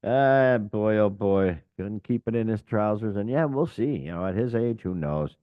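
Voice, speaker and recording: A man's voice: fairly low pitch, animated, moderate pace, no echo, muffled recording. A man co-hosting a casual rock podcast, rambling through news with lots of uh and you know. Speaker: podcast co-host.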